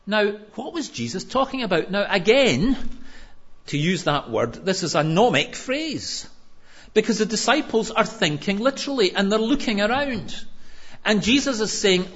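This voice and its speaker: A man preaching a sermon in a lively, conversational storytelling way with touches of humor. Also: high-pitched, moderate pace, muffled recording.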